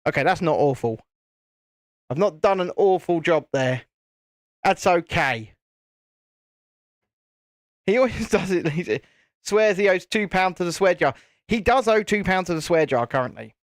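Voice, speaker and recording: A man's voice: high-pitched, lively intonation, measured pace, long pauses, dry recording, studio quality. A man hosting a live stream, chatting casually and rambling while he builds a set, with the odd casual swear. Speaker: channel host.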